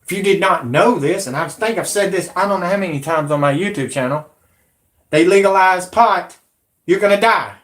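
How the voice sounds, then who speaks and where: Speaking at a normal speed in a high-pitched voice, this Alabama man in his 40s hosts a channel and delivers an angry, profane rant. He's combative and shouts at his viewers.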